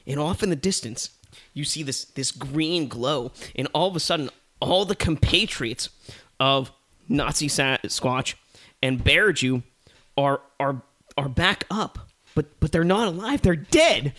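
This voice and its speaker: A man's voice: medium pitch, unhurried, pushed and bright. A man co-hosting a comedy podcast, telling a rambling made-up story full of swearing and fillers. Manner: rambling, profane, many fillers. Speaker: podcast co-host.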